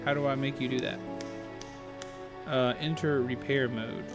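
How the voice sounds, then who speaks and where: Animated man narrating a game. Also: mid-range voice, measured pace. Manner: animated, exclaiming, reads text aloud. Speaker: gaming channel host. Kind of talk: let's play commentary. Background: game music.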